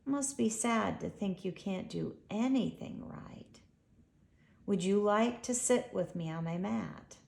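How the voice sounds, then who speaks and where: A woman voicing a calm, empathetic female animal who speaks softly and gently in a storybook. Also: medium pitch. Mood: soothing. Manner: soft, slow, soothing. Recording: echoey room.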